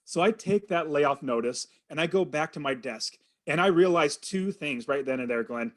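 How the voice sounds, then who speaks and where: A man in his forties, a real estate investor, telling a personal story in an earnest, animated way as a podcast guest. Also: fairly high pitch, moderate pace. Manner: earnest, animated storytelling with quoted inner thoughts. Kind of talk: storytelling in an interview.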